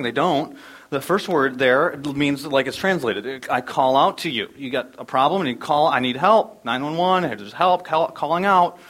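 A man's voice: medium pitch, husky. A middle-aged man preaching a sermon, telling stories with energy and sometimes dropping almost to a whisper for emphasis. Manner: storytelling, animated, drops to near whisper for emphasis. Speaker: pastor.

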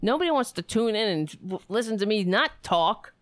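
Animated, swearing talk-show host, woman. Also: mid-range voice, moderate pace, no room sound. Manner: animated, digressive, swears freely, self-mocking. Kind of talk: rambling casual monologue.

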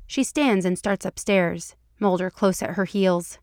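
A woman reads fan fiction aloud for an audio podcast in an even, measured voice at a middle pitch. The sound is close-miked and dead dry, with no room tone at all. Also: clear, resonant tone, dry recording. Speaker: podcast reader.

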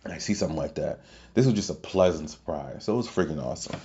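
Man, deep voice, mellow, rambling casual podcast storytelling, excitable, lo-fi sound. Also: quick pace. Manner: rambling, excitable, full of fillers and restarts. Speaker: podcast host.

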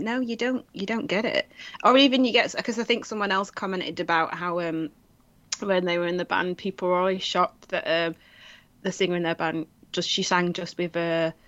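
A woman with a Manchester accent, co-hosting a casual chat and telling animated stories, acting out what people said. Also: lowish voice, moderate pace, no room sound, dull audio. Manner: animated storytelling, acts out quoted voices, laughs often. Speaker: podcast co-host.

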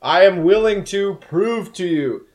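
A man doing a booming undead demon cat. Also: darkish tone. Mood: grave. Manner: slow, grand and booming.

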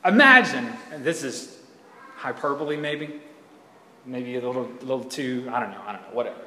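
A pastor preaches a sermon in a church sanctuary, rambling conversationally and often correcting himself mid-sentence, with echoey hall reverb around him. His medium-pitched voice is expressive and bright, forceful in tone at a normal speed.

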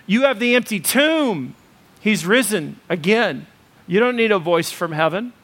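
A pastor delivers a sermon in a voice pitched high for a man. His talk is loose and conversational, full of ums, and it builds into emphatic repeated phrases. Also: lively intonation, a little slow, a bit bright. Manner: conversational preaching with fillers, rising to emphatic lists.

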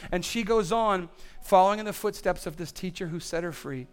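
A man preaching a sermon as pastor, building his points through repetition until he is nearly shouting. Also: high-pitched, brisk, clear, resonant tone. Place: church auditorium on stage.

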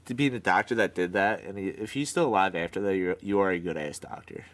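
A man's voice: low-pitched, fast. A young man co-hosting a casual podcast chat, laid-back and joking, swearing freely. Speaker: podcast co-host.

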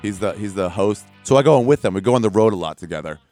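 A man's voice: on the low side, quick pace, faint music behind. A man telling a story on stage as a stand-up comedian, acting out the voices of the people in it. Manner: animated, acts out voices in his story. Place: comedy club stage with audience. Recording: echoey club with crowd laughter.

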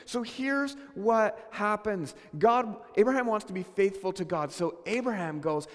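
Male pastor, sermon delivery, earnest and questioning, high-pitched, hall echo. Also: fairly quick, few pauses. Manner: earnest, questioning, with many restarts.

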